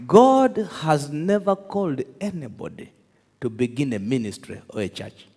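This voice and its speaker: A man preaching a sermon, telling stories with laughter and shouting out to his congregation. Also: fairly high pitch, moderate pace. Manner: animated storytelling, laughs, shouts to the crowd. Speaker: pastor. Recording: echoey hall with long reverb.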